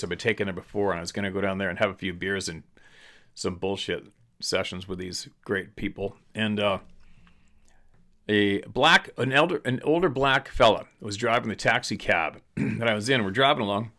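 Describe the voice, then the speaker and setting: A man's voice: fairly low pitch, fairly quick, pushed and bright. A man from British Columbia hosts the show in a blunt, opinionated, rambling monologue. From British Columbia, Canada. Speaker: host, hunting and fishing guide. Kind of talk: casual monologue, reading a viewer letter.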